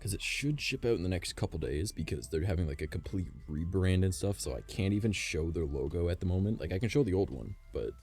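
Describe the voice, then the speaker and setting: A man's voice: deep voice, lively intonation, fast talker, few pauses, a little mellow, slightly rough. A man streaming casually, rambling and swearing with a strained, worn voice, faint music behind him. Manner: rambling, profane, laughs often. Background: faint background music.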